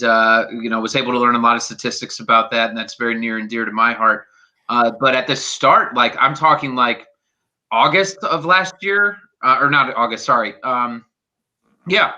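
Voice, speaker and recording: A man talking fast and heatedly as a guest in a political chat, emphatic and casually swearing. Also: mid-range voice, pushed and bright. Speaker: guest, teacher intern.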